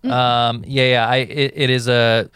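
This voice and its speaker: A man from Southern California chatting casually as a podcast guest, rambling with halting restarts. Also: medium pitch, level tone, a bit bright, clear, resonant tone, no room sound. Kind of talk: casual chat.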